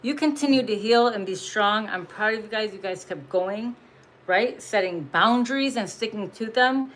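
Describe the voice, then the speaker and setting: A woman's voice: mid-range voice, moderate pace, low-quality recording. Blunt, profane woman giving a tarot message. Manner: blunt and profane, laughs often, emphatic. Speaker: tarot reader. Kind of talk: casual spiritual message monologue.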